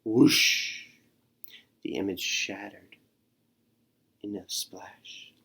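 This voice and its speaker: Man, storyteller, children's picture book reading, expressive, sound effects, mid-pitched voice. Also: unhurried.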